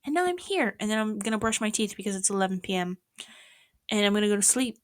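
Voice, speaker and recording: A woman's voice: medium pitch, fast, no room sound, clean studio sound. A young woman chatting casually in a rambling vlog about her day, sometimes dropping to a whisper. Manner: rambling, animated, swings into whispers. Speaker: vlogger. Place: small apartment at night.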